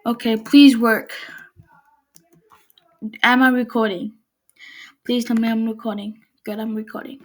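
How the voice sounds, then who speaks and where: A woman's voice: on the high side, flat delivery, a little slow, pauses often. A woman giving casual gameplay commentary, chatting to herself while she builds. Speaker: gameplay video maker.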